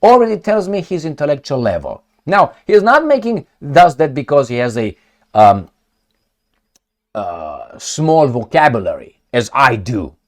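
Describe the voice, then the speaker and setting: A man's voice: medium pitch, very animated, measured pace. A man giving opinionated political commentary, sarcastic and mocking, full of rhetorical questions and restarts. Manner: speaks in short bursts with frequent restarts and rhetorical questions.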